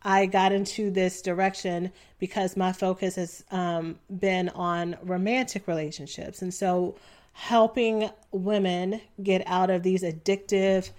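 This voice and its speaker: A young adult woman hosting a solo podcast, talking casually and relaxed, with frequent ums. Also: lowish voice, measured pace. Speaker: podcast host.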